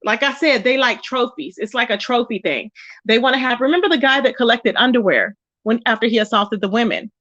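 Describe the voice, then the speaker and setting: A woman's voice: a little high, fairly quick, fairly bright tone, dry recording. Chatty woman on dull lo-fi stream audio. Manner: chatty, greets viewers by name, calls them child and baby. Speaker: livestream commentary host. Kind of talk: casual livestream gossip chat.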